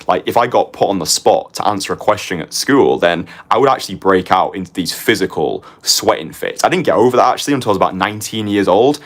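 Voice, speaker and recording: A man's voice: low voice, lively intonation, quick pace, hardly any pauses. A young man teaching a motivational course as a dating coach, confessional and punchy, tagging his points with "right?" and casually swearing.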